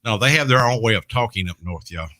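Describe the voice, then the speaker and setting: Host, bright tense voice, folksy halting storytelling. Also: male voice, lowish voice, animated. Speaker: podcast host. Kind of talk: casual chat.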